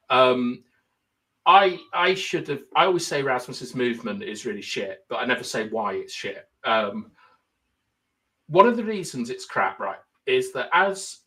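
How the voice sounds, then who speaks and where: A young man co-hosting a casual football podcast explains tactics at length, thinking aloud with lots of fillers. His medium-pitched voice is bright with a forceful tone.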